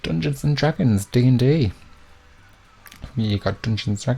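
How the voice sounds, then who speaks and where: A man's voice: mid-range voice, expressive, measured pace, gravelly, dark tone, breathy edge. A young man hosting a live quiz, chatty and joking, with self-mocking asides between questions. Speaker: quiz host.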